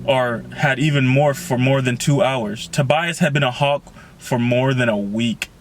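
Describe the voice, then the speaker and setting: A man's voice: mid-range voice, a little slow, noisy background. A man reading a novel aloud in an unpolished, casual way, with the odd slip and restart. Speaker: reader.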